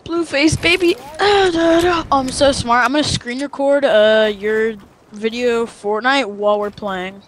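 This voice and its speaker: High-voiced teasing woman gamer. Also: unhurried, slight background noise. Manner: teasing, trash-talking. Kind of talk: casual gameplay banter. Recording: loud gunfire from the game.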